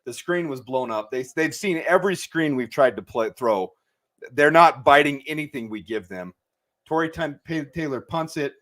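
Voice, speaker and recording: Man, sports watch party host, live play-by-play, heated rants, fairly high voice. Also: lively intonation, moderate pace. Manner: agitated, ranting play-by-play, yelling when angry. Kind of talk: live game reaction commentary.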